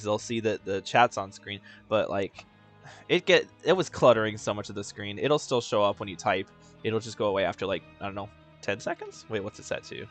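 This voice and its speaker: A man's voice: fairly low pitch, a bit bright. A young man live-streaming a video game, joking, swearing freely and chatting with his viewers. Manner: joking, profane, laughs a lot, talks to chat. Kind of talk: casual live-stream commentary.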